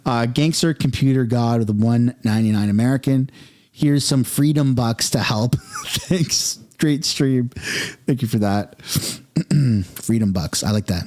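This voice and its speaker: A Canadian man hosts a casual political livestream, reading viewer comments aloud and wandering into opinionated asides with a chuckle. His voice is medium in pitch, unhurried and a little mellow.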